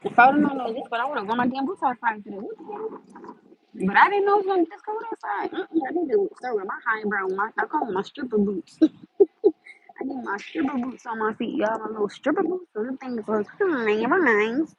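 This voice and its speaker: Chatty high-voiced woman livestreaming outdoors. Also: lively intonation, brisk, lo-fi sound, noisy background. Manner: loud, chatty and exasperated, laughing often. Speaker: livestream host. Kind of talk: casual livestream chat. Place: outdoors in the cold.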